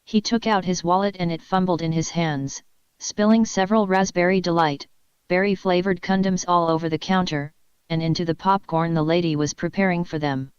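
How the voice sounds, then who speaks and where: A woman narrating a crude comedy story in a deadpan manner, in a dull lo-fi recording. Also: fairly low pitch, brisk, clean tone, no room sound.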